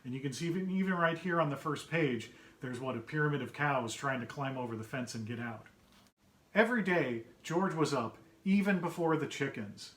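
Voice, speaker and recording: A man reading his own picture book aloud to children, chatty and gentle, pausing to point out pictures and ask questions. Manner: puts on brighter higher voices for characters' quoted lines. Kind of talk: read-aloud story time for children.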